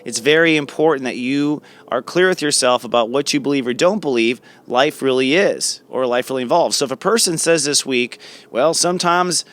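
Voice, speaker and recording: A man's voice: medium pitch, fairly quick, hardly any pauses, a bit bright. A man hosting an astrology show, delivering an earnest spiritual forecast monologue that rambles with frequent restarts and fillers. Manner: affectionate and earnest.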